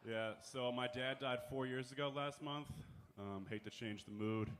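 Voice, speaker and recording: A man performing a stand-up set in a casual, deadpan way with dark humor. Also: mid-range voice, moderate pace, a little hiss or hum. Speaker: stand-up comedian.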